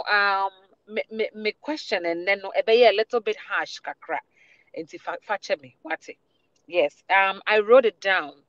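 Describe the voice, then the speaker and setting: A man's voice: high-pitched, a bit bright, no room sound, highs cut off. A Ghanaian man on a talk show, mixing Twi and English as he playfully puts pointed questions to a guest. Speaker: panelist asking questions.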